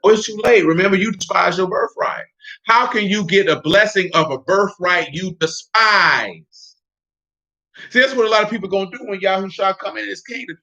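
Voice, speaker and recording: A man preaching a sermon, animated and emphatic, with loose street talk. His voice sits a bit high for a man, and the recording is dull and lo-fi. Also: normal speed. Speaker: preacher teaching scripture.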